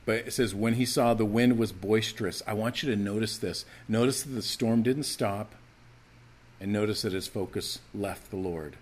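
A man preaching a sermon to his church, animated and emphatic, acting out the scripture's voices as he teaches. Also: lowish voice, normal speed. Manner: animated, acts out quoted lines, rising to emphatic calls. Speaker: pastor.

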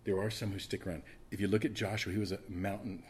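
This sermon comes from a man with a lowish voice, speaking fast in a level tone over slight background noise. He shifts between loud, emphatic sections and quiet asides, restarting phrases and repeating words to drive points home.

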